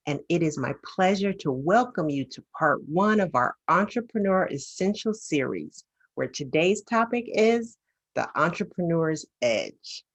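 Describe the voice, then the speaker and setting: Lady with a low voice doing a formal welcome intro, measured pace. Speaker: association vice president, introducer.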